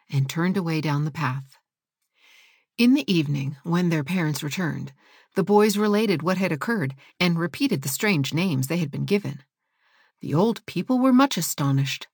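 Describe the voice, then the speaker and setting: A woman reading a fairy tale aloud in a calm, clear manner. Her voice sits low for a woman. The recording is dry and close. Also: no room sound. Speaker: audiobook reader.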